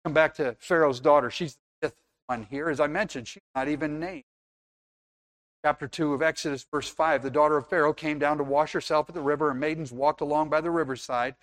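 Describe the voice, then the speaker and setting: A man's voice: on the high side, steady tone, fairly quick, fairly bright tone. A man preaching a sermon in an earnest, conversational way, now and then acting out little scenes.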